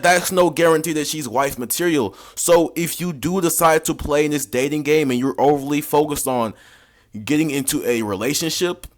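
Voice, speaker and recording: A man hosting, giving casual reaction commentary in slangy, lecturing talk. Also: on the high side. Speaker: dating coach, host.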